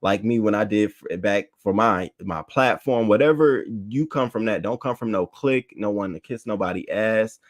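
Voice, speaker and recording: A man talks through celebrity gossip in casual, slangy commentary, speaking straight to his online chat. His delivery is animated, with frequent asides and restarts, as he reads tweets aloud. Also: lowish voice, moderate pace, hardly any pauses. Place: home setup, talking to chat.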